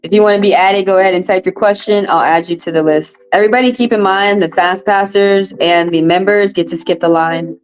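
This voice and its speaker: A woman with a Southern US accent reading tarot on a live stream, chatting casually in a profane, animated way. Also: mid-range voice, fairly quick, soft background music, poor audio. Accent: Southern US, Texas. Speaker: tarot reader.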